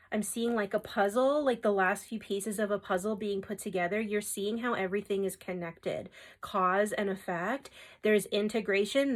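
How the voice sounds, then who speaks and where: A young adult woman giving a spiritual tarot reading, earnest and emotional, who often checks in with "okay?" and fills with "like". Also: medium pitch. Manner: soft, earnest and emotional, with frequent "okay?" and "like" asides. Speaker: tarot reader.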